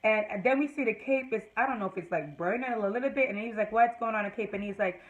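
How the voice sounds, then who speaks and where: A woman vlogger giving a chatty, animated recap of a TV episode, full of fillers and restarts. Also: medium pitch, fast talker, muffled recording. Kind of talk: casual recap talk to camera.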